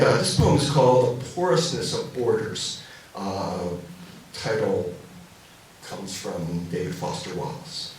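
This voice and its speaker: A man reading his own poems aloud at a cafe reading, with halting asides full of ums and restarts between poems. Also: medium pitch, a little hiss or hum. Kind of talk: poetry reading with spoken introductions. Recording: roomy echo from a distant mic.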